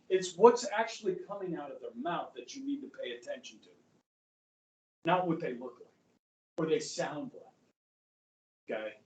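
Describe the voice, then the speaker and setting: A male history teacher giving a chatty, rambling classroom lecture and often checking in with students. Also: sits high. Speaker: high school history teacher. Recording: echoey classroom from far off.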